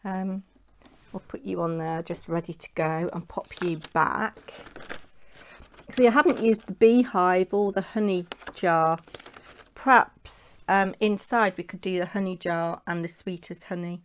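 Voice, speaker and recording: Woman host, lowish voice, casual self-chatting craft tutorial. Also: steady tone, a little slow. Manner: chatty, talks to herself while working.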